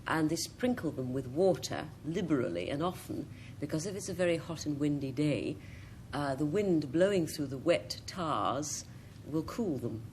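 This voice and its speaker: A woman's voice: deep voice, lively intonation, moderate pace, few pauses, darkish tone, slight background noise. A woman on a panel game giving an earnest, descriptive bluff definition with small hesitations.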